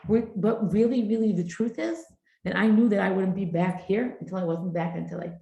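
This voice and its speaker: Middle-aged woman with a gravelly, echoey voice. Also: medium pitch, steady tone, a little fast, warm tone, dull audio. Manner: chatty, full of fillers and Hebrew and Yiddish terms. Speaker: parenting class teacher. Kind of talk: informal class talk to a group.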